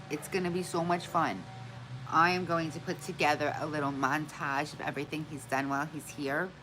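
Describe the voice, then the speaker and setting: A woman's voice: low voice, pushed and bright, a little hiss or hum, poor audio. A woman hosting a casual live stream, chatting with viewers and greeting them by name, often laughing at her own forgetfulness. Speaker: livestream host.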